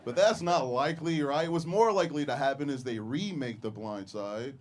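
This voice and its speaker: A man's voice: mid-range voice, moderate pace, noisy background. Crude young male stand-up comic. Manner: crude, deadpan delivery broken by chuckles. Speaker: stand-up comedian. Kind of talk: stand-up comedy set. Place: comedy club stage.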